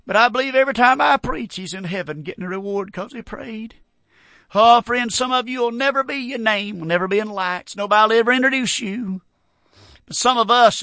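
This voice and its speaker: Fervent preacher, high bright voice. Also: male voice, no room sound, clean studio sound. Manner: fervent, repetitive preaching with folksy phrasing. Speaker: radio preacher. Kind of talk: sermon.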